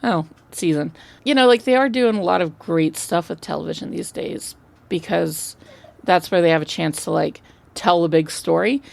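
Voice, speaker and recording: A woman co-hosting a film podcast, chatting casually, swearing freely and throwing in animated asides. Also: lowish voice, normal speed, gravelly, dry recording. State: just woke up. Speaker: podcast co-host. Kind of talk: casual chat.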